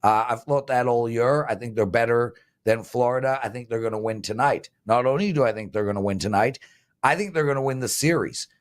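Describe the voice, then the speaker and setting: A man in his fifties hosting a sports betting show, pitching promo codes and boasting about his winning picks. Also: brisk. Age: 50s. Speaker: host and sports handicapper.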